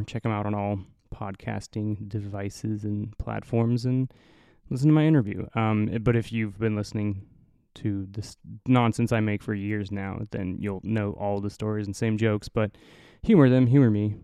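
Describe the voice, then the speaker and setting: A young Midwestern man with a nasal voice hosts a casual solo podcast. His tone is mellow and smooth, a bit low for a man. He rambles, swears and pokes fun at himself, recorded close with no room echo. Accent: Midwestern American. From American Midwest. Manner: rambling, profane, self-mocking. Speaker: podcast host.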